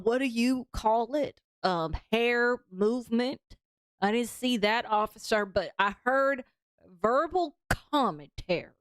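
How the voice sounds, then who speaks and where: A woman's voice: on the high side, clear, resonant tone, dry recording, studio quality. A woman hosting a live gossip stream, giving sarcastic, playful commentary.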